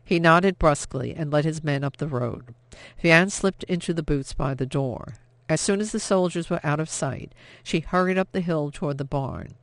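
A man narrates an audiobook in a steady, measured way. His somewhat high voice has a gravelly texture. The recording is dry and close to the mic. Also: no echo. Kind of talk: scripted narration.

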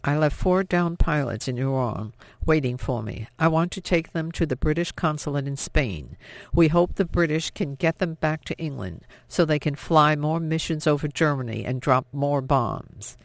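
A man's voice: on the high side, animated, moderate pace, creaky, no room sound. A man voicing a frightened but defiant young woman who protests in breathless, rising bursts. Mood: earnest.

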